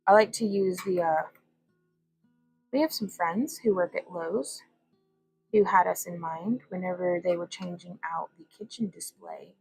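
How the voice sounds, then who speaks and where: A woman's voice: on the low side, unhurried, gravelly, a little mellow, slightly rough, faint music behind, rough recording. A young woman hosting a casual glass bead livestream from her home workbench, chatting and rambling as she greets viewers. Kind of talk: casual craft demonstration livestream.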